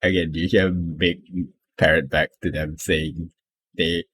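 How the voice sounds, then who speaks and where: Slow, low-voiced game master. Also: male voice, flat delivery, a bit bright, a little hiss or hum. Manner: laughs often, halting with many fillers. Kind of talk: narrating a tabletop game.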